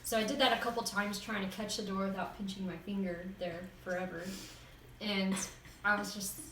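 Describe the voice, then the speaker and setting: A woman's voice: medium pitch, fairly quick. Laughing woman telling a story in a roomy room. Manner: animated, laughs often. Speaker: vlogger. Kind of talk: casual storytelling. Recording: roomy echo, distant mic, faint noise.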